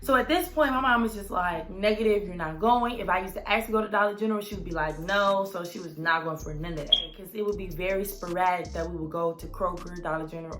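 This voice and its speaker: A young woman telling a personal story in a casual vlog, animated and dramatic, with lots of "like" and "y'all". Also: lowish voice.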